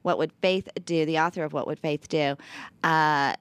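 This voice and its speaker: A woman's voice: low voice, steady tone, moderate pace, clear, resonant tone, no echo. A woman co-hosting a radio talk show, chatting casually as she reads through a list of tips, with plenty of fillers. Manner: chatty, upbeat, lots of fillers.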